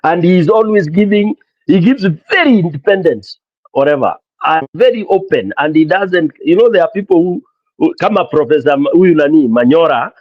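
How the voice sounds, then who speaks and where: An animated Kenyan man hosts a call-in show, mixing English and Swahili as he talks. His voice sits a little high for a man and sounds dry and dull, as on a lo-fi stream. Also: moderate pace, no echo. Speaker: host of a call-in political show. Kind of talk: casual call-in chat. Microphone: streaming mic.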